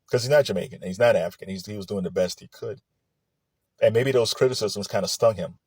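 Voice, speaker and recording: A man giving casual vlog commentary about movies, chatty and lively, with frequent restarts and laughs. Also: fairly low pitch, brisk, breathy edge, no echo.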